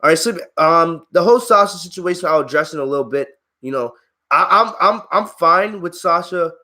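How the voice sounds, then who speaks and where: Hosting a live-stream wrestling review, this man speaks a little fast with a fairly high pitch and a sharp tone. He rants at his chat in an exasperated, heated way, laughing at viewers and swearing without restraint.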